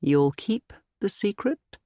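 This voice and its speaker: Narrator doing earnest, protective young gentleman. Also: mid-range voice, expressive, slow pace, no echo, clean studio sound, pitched above the performer's own voice. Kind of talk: audiobook character voice.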